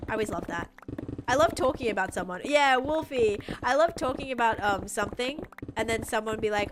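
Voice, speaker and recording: A woman's voice: medium pitch, brisk, background noise. A woman from the United States, chatting casually with her chat in a bubbly, gushing way while she plays a game on a live stream. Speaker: livestreamer. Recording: game music behind voice.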